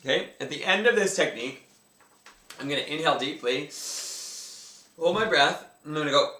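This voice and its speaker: A man's voice: on the high side, lively intonation, quick pace, sharp tone. A man teaching yoga breathing exercises in a casual, enthusiastic way, talking through each movement as he does it. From Canada. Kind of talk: instructional talk. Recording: echoey room, mic at a distance.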